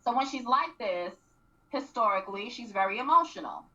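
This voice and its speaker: A woman co-hosting a radio show, animatedly recapping a reality series and acting out quotes with frequent throat clearing. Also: a little high, lively intonation, fairly quick, pushed and bright. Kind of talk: casual recap chat. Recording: distant, dull lo-fi radio mic.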